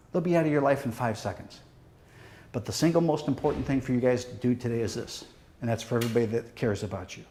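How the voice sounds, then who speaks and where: A middle-aged man with a fairly high voice gives a motivational safety talk to students in an echoey school auditorium. He tells dramatic stories straight to the crowd and pleads with them at the end. The echo of the hall hangs around his words. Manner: dramatic storytelling, speaks straight to the audience; pleading, drops to near hush at the end. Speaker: police deputy chief giving a safety talk.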